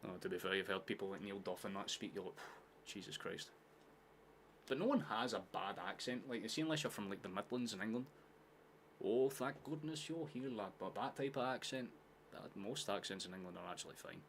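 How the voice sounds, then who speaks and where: A Scottish man streams a live football watchalong and mixes casual, sweary chat with bursts of excited commentary. His voice sits on the low side but comes across forceful and bright. A faint hum of ambience runs under everything. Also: fast. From Scotland, near Glasgow. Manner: chatty, sweary, breaks into excited shouts at chances.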